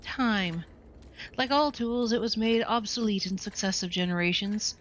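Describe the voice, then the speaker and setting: A woman's voice: mid-range voice, normal speed, muffled recording, a little hiss or hum, close to an everyday voice. A woman voicing a solemn cosmic being that embodies the end of time, speaking in a grave, oracular way.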